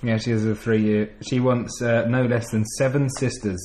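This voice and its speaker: A man's voice: medium pitch, little pitch movement, normal speed, a little mellow, a little hiss or hum. A young man co-hosting a podcast, chiming in with dry, teasing remarks. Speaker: podcast co-host. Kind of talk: casual chat. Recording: roomy echo.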